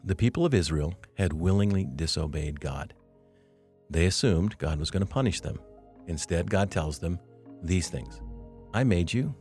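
A man's voice: sits low, moderate pace, a little mellow, soft background music. A middle-aged man hosting a devotional podcast, teaching through a scripture passage in an earnest, reflective way with light self-deprecating asides. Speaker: podcast host.

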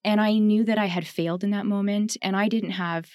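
A woman's voice: mid-range voice, fairly even intonation, fairly quick, a little mellow, no room sound. Woman, from Canada, podcast co-host, chatty storyteller, laughs often, dry close sound. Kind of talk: casual reflective conversation.

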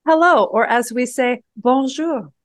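A woman's voice: medium pitch, moderate pace, a bit bright, no echo. A woman co-hosting a book podcast, chatting with enthusiasm in a casual conversation. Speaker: podcast co-host. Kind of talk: casual book-club chat.

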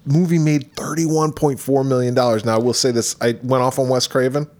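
Swearing man reading cast lists, mid-pitched. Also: fairly even intonation, brisk, a little mellow. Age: 40s. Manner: reads cast lists, swears often, laughs. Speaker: podcast co-host. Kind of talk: casual movie review chat.

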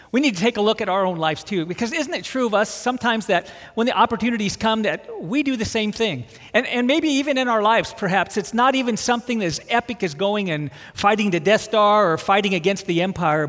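High-voiced male pastor in a reverberant hall. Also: a bit bright. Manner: conversational and self-deprecating, with dry jokes. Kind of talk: sermon.

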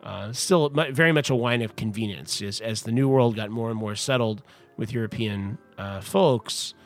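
A man's voice: fairly low pitch, moderate pace. Man, podcast guest, casual storytelling, rambling, restarts, faint background music. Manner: chatty, rambling with restarts and asides. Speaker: wine importer guest.

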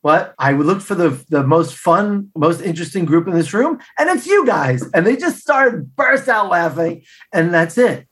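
A middle-aged man, a podcast guest, telling personal stories in an animated way and acting out the dialogue. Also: high-pitched, normal speed, few pauses. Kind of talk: storytelling interview answers.

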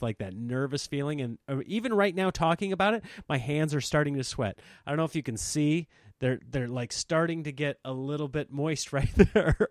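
A man who performs comedy for a living, talking in an animated, self-mocking, rambling monologue. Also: mid-range voice, no echo, studio quality. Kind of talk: casual talking-head monologue.

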